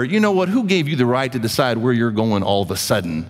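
A man preaching a sermon as pastor, swinging from quiet asides to raised, urgent appeals. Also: mid-range voice, big pitch swings, brisk, long reverb tail.

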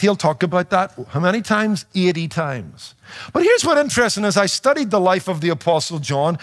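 A man's voice: high-pitched, fairly bright tone. A middle-aged man with an Irish accent preaching a sermon in a conversational way, with rhetorical questions and light humor. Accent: Northern Irish. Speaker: pastor.

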